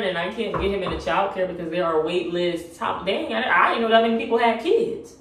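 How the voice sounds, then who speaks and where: A woman's voice: medium pitch, big pitch swings, brisk, few pauses, fairly bright tone, a little hiss or hum. A young woman vlogging a personal plea, emotional and laughing to keep from crying. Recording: echoey room from a distance.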